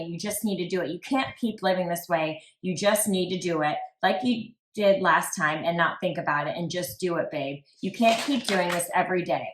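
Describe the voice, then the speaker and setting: A true crime podcast host chats casually, her fairly low voice moving at a moderate pace with few pauses. She reads text messages aloud in a flat tone, sprinkling in plenty of "like" asides, and the room gives off a noticeable echo.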